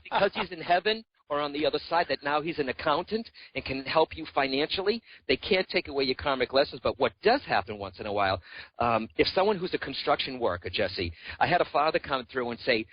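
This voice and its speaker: During a radio psychic reading, the guest medium speaks in an animated, somewhat high voice at a slightly fast pace. He is earnest and reassuring, repeatedly calling the caller by name, and the recording is lo-fi with no room sound.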